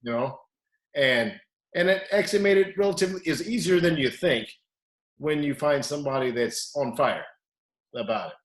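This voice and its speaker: A man, a wrestling coach, telling stories in casual chat and loudly acting out what people said. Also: a little high, normal speed. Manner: animated, acts out quotes loudly. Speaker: wrestling coach, podcast co-host. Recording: echoey room.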